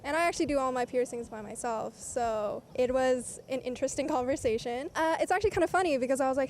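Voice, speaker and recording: A woman's voice: sits high, fairly quick, few pauses, a little mellow, a little hiss or hum. A young woman from South Africa with an American accent, chatting casually in a street interview and filling her talk with "like". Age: young adult. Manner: chatty, frequent "like" fillers, laughs while talking. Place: outdoors in a city.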